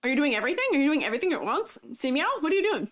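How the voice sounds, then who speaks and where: A woman's voice: sits high, very animated, very fast. Giggly woman chatting with her stream viewers. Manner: giggly, chatty, reads chat aloud; talks while eating. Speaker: streamer and 3D artist. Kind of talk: casual livestream chat.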